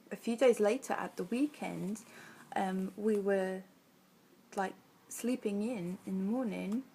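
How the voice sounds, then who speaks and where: A woman's voice: medium pitch, vocal fry, a little mellow, a little hiss or hum. A young adult woman vlogger telling a personal story in a chatty, rambling way, full of fillers. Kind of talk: casual storytelling.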